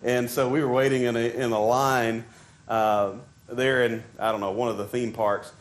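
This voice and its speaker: A man's voice: mid-range voice, little pitch movement, moderate pace. A man from Arkansas with a Southern accent, preaching a sermon in a conversational way, full of fillers and restarts.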